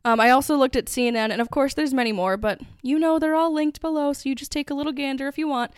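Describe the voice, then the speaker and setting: A woman's voice: high voice, fast talker, no room sound, studio quality. A woman hosting a true-crime podcast, telling the story in a chatty, conversational way. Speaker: podcast host.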